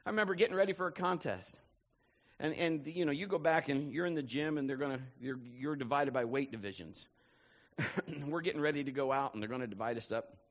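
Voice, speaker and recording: A male pastor preaching a sermon, telling stories with lively energy and building to shouts. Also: medium pitch, muffled recording. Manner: animated storytelling, building to shouts.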